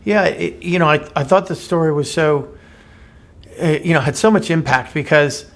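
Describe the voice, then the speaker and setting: In a casual podcast chat, a male co-host earnestly retells a short fable, often doubling up words as a sentence begins. His pitch is fairly high, with vocal fry, and he talks at a normal speed.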